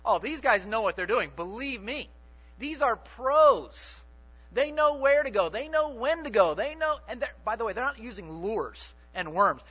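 A man preaching a sermon in an animated, joking way, often putting questions to the congregation. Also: high-pitched, breathy edge, dull audio.

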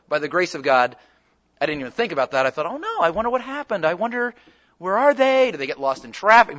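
Male pastor, sermon storyteller, high and bright, acts out dialogue, lo-fi church recording. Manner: animated storytelling, acting out dialogue.

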